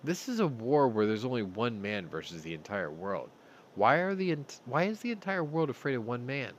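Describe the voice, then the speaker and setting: A man's voice: medium pitch, very animated, moderate pace, a little hiss or hum. A man hosting a news commentary show, talking bluntly with heavy profanity and open anger. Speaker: host.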